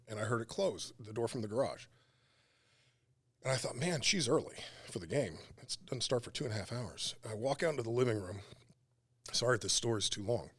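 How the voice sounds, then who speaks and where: A middle-aged man, a radio talk show co-host, telling a personal story in a podcast interview, halting and emotional with many pauses. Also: lowish voice.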